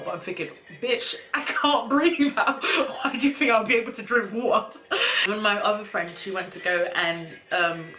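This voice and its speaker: A young woman vlogger casually telling a personal story to camera in a chatty, animated way, with slang. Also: on the low side, low-quality recording.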